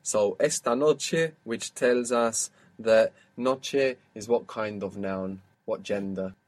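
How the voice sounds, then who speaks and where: Patient man teaching a language lesson. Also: fairly low pitch. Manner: patient, explanatory, slows down to model words. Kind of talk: one-to-one spoken language lesson.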